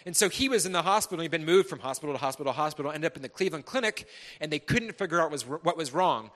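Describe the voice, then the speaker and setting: A man preaching a personal testimony to a congregation, earnest and impassioned, swinging between loud, fervent stretches and hushed ones. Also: on the high side, lively intonation, racing.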